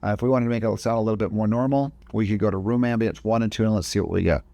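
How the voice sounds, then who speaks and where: Male tutorial host, low voice, dry close sound, casual explainer who restarts phrases. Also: rapid-fire, creaky, warm tone, no echo. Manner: casual step-by-step explaining, frequent self-corrections. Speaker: video editing instructor. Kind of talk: screen-recorded software tutorial.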